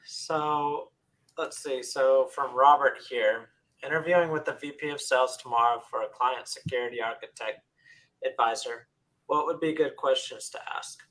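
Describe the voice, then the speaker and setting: A man co-hosting a podcast, reading listener questions aloud in a relaxed, casual way. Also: medium pitch, normal speed, poor audio. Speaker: co-host reading audience questions. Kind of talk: casual chat.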